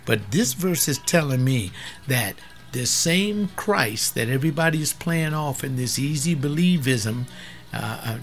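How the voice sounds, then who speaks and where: A man's voice: medium pitch, fairly bright tone. A man preaching a fiery sermon on a webcast, scolding and confrontational as he reads and explains verses.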